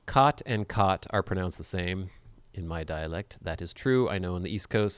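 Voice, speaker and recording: A man's voice: lowish voice, expressive, measured pace, clear, resonant tone, dry recording. A young man, chatting casually in a vlog, reading quiz questions aloud and musing over how he pronounces words, with playful sarcastic asides. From Pacific Northwest of the USA. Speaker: vlogger.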